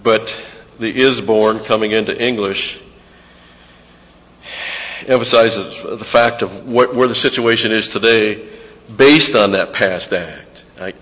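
Male pastor teaching Scripture verse by verse, slightly low voice, long church-hall echo. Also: fairly bright tone, muffled recording. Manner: teaching verse by verse, explaining grammar, repeats phrases for emphasis. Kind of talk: expository sermon.

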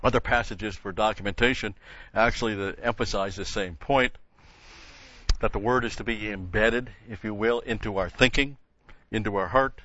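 A man's voice: on the low side, moderate pace, a bit bright, dry recording. Older male Bible teacher, emphatic sermon delivery, dry close sound, muffled lo-fi recording. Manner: emphatic, stresses key words, repeats phrases. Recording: dull lo-fi sound.

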